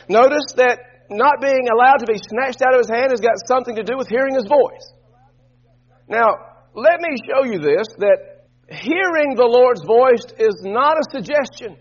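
A man preaching a sermon, leading the congregation in call-and-response and swinging between quiet asides and shouted emphasis. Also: very high-pitched, animated, moderate pace, breathy edge, highs cut off.

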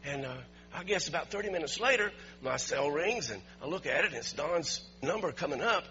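A man preaching as a pastor, telling a story in an animated way and building to emphatic shouts, recorded in a church. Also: a little high, a little fast. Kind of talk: storytelling sermon. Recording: dull lo-fi recording with faint hum.

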